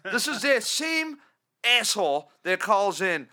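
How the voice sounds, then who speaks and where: A man co-hosts a casual sports podcast, his voice high and bright. He rants in long animated runs and slips into mock caller voices along the way. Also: slow pace. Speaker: podcast co-host.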